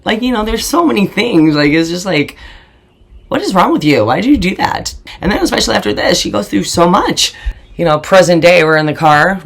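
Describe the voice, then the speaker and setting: Woman with a gravelly fry-heavy voice, blunt and swearing a lot, telling her own story. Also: on the low side. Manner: blunt, swears often, emotional. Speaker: host. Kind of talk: candid personal storytelling.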